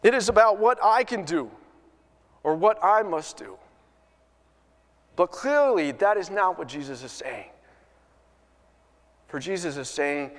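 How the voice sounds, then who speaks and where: A man's voice: high voice, expressive, a little slow, pauses often, long reverb tail. A man preaching a sermon, telling a story in an earnest way with many restarts. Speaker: pastor.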